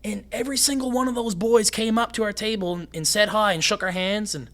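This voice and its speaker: A young man from Canada, a fighter guest on a podcast, talking fast and excitedly and swearing freely. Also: high voice. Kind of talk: casual podcast conversation.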